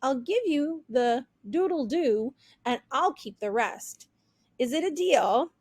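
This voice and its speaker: A woman voicing a proud, kind male rooster who calls out brightly and gives orders. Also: sits high, animated, slow pace, no room sound, studio quality. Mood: kindly.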